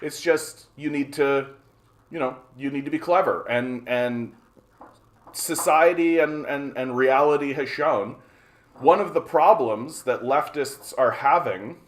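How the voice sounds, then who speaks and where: Animated Canadian man ranting on a livestream. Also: mid-range voice, measured pace. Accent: Canadian English. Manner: animated and profane, frequent restarts and filler; answers chat questions aloud. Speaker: livestream host. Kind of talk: ranting political livestream commentary.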